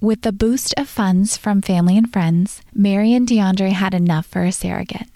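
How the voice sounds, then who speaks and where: A woman reads a scripted voice-over at a mid pitch. Her tone is warm and mellow, and her delivery is even and measured. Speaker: narrator. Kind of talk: scripted narration.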